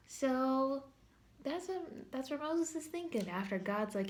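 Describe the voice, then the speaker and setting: A woman's voice: sits high, expressive, moderate pace. A woman giving a casual, humorous Bible lesson at church, chatty and full of filler words. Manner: chatty, humorous, says "like" a lot. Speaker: church teacher.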